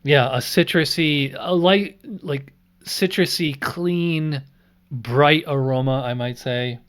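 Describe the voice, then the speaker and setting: A man's voice: on the high side, slow, fairly bright tone. A man hosting a casual beer review, thinking aloud in an easygoing, rambling way with many fillers.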